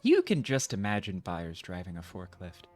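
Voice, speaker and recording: Playful woman streamer reading game text with jokey asides, lively swooping pitch, faint game music under her. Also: moderate pace. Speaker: streamer playing a video game.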